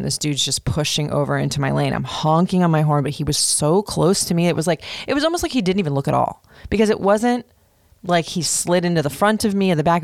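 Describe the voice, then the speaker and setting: Gravelly woman in her thirties telling a story. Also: low voice, dry recording, studio quality. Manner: animated, swears freely, fillers like "like". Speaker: vlogger. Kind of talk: storytime monologue.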